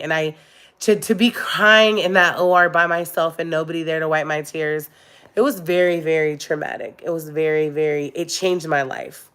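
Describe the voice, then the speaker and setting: A woman's voice: on the low side, steady tone, normal speed, a bit bright. A young adult woman talking candidly and emotionally to her viewers on a live stream, with many fillers. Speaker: vlogger. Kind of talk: casual live-stream chat.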